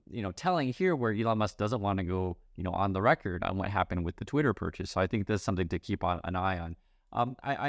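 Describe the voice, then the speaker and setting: A man's voice: lowish voice, no room sound, studio quality. A middle-aged man hosting casual news commentary, chatty and wry, with many fillers and restarts.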